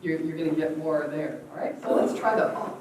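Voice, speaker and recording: A woman's voice: low-pitched, fairly even intonation, fairly quick, noisy background. A woman leading an acting workshop, teaching voice exercises, laughing often and acting out sounds. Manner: demonstrative, laughs often, acts out vocal exercises. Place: large echoey theatre room. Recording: echoey room from far off.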